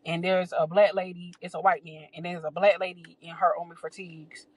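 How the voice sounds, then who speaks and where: Animated storytelling woman, dry sound. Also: lowish voice, fairly quick, husky, dry recording, rough recording. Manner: animated, laughs often, acts out voices. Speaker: podcast host. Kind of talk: casual storytelling.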